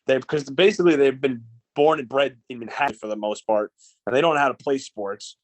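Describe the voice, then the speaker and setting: A man's voice: mid-range voice, fairly quick. A man co-hosting a podcast in casual chat, ranting bluntly and swearing a lot. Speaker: podcast co-host.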